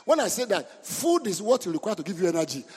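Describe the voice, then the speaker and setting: A man preaching a sermon as pastor, lively and breaking into sudden shouts. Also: high voice, fast talker, breathy edge. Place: church hall. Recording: reverberant church hall.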